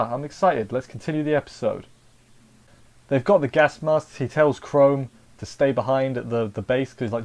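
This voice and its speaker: A man's voice: mid-range voice, darkish tone. A man giving a casual, rambling spoken review of an anime episode, often repeating words and restarting sentences.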